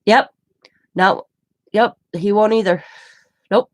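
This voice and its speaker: In a dry recording, a middle-aged woman who runs a craft channel speaks slowly at medium pitch, her tone a little mellow. She chats casually to camera, spinning a rambling family tale full of quoted exchanges.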